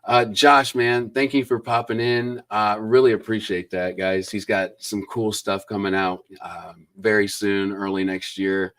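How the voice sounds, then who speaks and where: A man's voice: lowish voice, little pitch movement, a little slow, hardly any pauses, fairly bright tone. A male host of a livestream interview, talking enthusiastically in a rambling way with lots of fillers, over a video call. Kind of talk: casual livestream interview chat.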